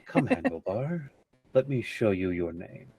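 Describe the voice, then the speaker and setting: A man voices a weary old ship captain with a low voice. He speaks slowly and softly, almost under his breath. The sound is close and dry. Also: creaky, dry recording, faint music behind, full character voice. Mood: hushed. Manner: soft, low and hushed. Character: older male ship captain, gracious and weary.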